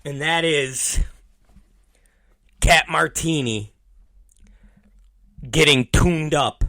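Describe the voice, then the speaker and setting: A man in his fifties hosting a podcast, telling rambling, profane stories in a casual, animated way. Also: a little high, very slow, dry recording. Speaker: podcast host. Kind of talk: casual storytelling monologue.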